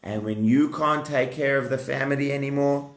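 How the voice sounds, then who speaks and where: A man voicing God as a calm, reassuring divine presence, speaking slowly and softly in a children's puppet story. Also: mid-range voice, reverberant, natural voice.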